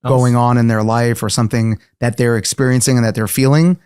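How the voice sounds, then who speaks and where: A man co-hosting a podcast who adds a calm, thoughtful point. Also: mid-range voice, a little fast, smooth, no echo, studio quality. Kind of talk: casual chat.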